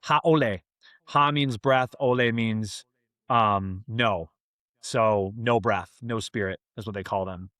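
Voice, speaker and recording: A young man telling a story in a casual, animated way, full of slang like "man" and "dude". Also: lowish voice, slow, no echo, clean studio sound. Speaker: guest.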